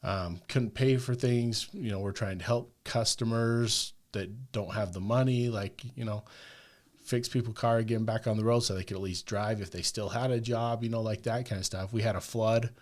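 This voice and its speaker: A man's voice: fairly low pitch, steady tone, normal speed, a little mellow. A man chatting casually as a podcast guest, telling a long personal story and peppering it with "like" and "right?". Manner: rambling, peppers talk with "like" and "right?".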